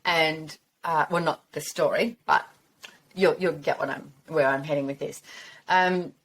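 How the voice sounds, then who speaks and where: Woman host, low voice, chatty and encouraging, casual rambling monologue. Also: fairly even intonation, a little slow, fairly bright tone. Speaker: podcast host.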